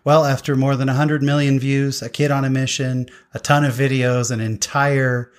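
A man's voice: medium pitch, flat delivery, moderate pace. A man hosting a talk show, chatting with guests and telling a personal story in an upbeat, earnest way. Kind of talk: casual chat and personal storytelling.

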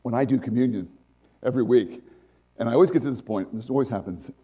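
A man's voice: medium pitch, fast, mellow, slightly rough. A man preaching a conversational sermon to a congregation, with asides and restarts. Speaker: pastor.

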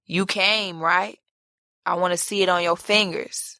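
A woman's voice: on the low side, fairly even intonation, measured pace, sharp tone, dry recording, studio quality. A woman voicing a demanding, crude male online scammer who keeps pressing with insistent requests. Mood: pushy.

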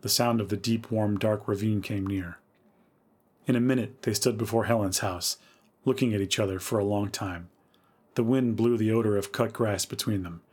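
A man narrating a spooky story in a measured, atmospheric way. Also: fairly low pitch, steady tone, a little mellow, slightly rough. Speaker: podcast host reading a story.

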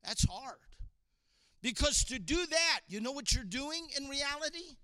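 A man giving a sermon to young people, playful and sarcastic, acting out quotes with animated voices. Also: extremely high pitch, measured pace, no echo, clean studio sound. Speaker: youth pastor. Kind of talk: sermon to a youth audience.

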